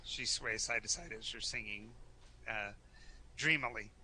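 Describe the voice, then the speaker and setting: A man's voice: fairly low pitch, fairly even intonation, measured pace, sharp tone, slight background noise. A man narrating a live tabletop game as game master, stammering and repeating words as he tells the story.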